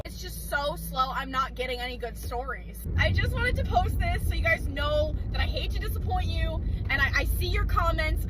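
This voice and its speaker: A woman's voice: very high voice, background noise. A teenage woman working as a restaurant server, ranting in a blunt, exasperated vlog monologue full of swearing, recorded in a car. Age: late teens.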